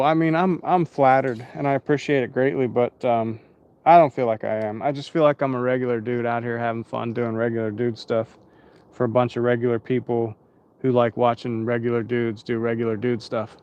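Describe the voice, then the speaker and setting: A man's voice: medium pitch, fairly even intonation, fairly quick, a little mellow, smooth, dull audio. A tired man hosting a casual live stream outdoors at night, rambling and chatting with his viewers.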